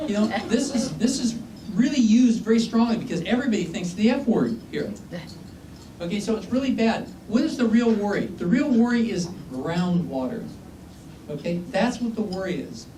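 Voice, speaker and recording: Man, geology lecturer, joking and conversational, higher-pitched voice, distant mic in an echoey room with faint hiss. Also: expressive, moderate pace, warm tone. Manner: chatty, joking, asks the audience questions. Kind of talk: informal lecture with anecdotes.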